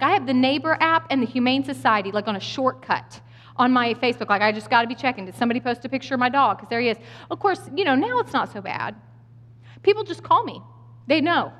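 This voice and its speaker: A woman's voice: sits high, fairly quick. A woman in her thirties or forties telling a funny story in a sermon, acting out voices along the way. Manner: animated, humorous, acts out voices. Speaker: speaker giving a sermon. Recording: long hall reverb.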